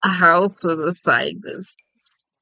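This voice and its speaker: A woman's voice: on the low side, a little slow, gravelly, bright, forceful tone, no room sound, low-quality recording. A middle-aged woman chatting casually while playing a game, rambling and giggling often. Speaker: gameplay streamer.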